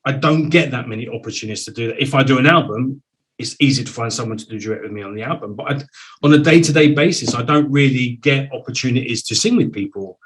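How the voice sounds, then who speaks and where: A man hosting an interview show, telling stories in a lively, animated way. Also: mid-range voice, fast, slight background noise, low-quality recording. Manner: animated storyteller, voice swings up with excitement. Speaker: show host and singer. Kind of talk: casual video-call interview.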